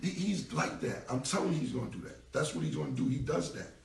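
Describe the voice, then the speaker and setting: A man's voice: medium pitch, big pitch swings, quick pace, vocal fry, reverberant, far from the mic. A man in his forties with a New York accent, ranting bluntly in street slang and cursing on a casual live stream. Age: 40s. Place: indoor room, live stream. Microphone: phone mic.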